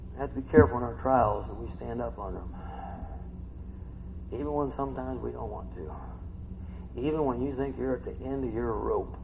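An older man preaching a sermon, swinging from hushed asides to excited shouts. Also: fairly high pitch, in a large hall, dull audio, a little hiss or hum. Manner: animated, swings from quiet to shouting. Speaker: pastor.

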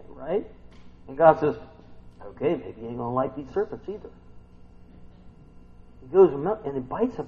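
A man's voice: mid-range voice, vocal fry. A man preaching an informal sermon, reading scripture aloud and talking it through with his listeners, asking them questions and acting out what people say. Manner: conversational, asks the listeners questions, acts out quotes. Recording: tinny phone-like sound.

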